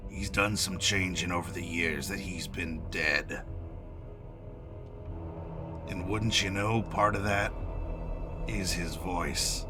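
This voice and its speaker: A man voicing a grumpy old male vampire with a growly, gravelly voice and a slow drawl. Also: sits low, pitched below the performer's own voice.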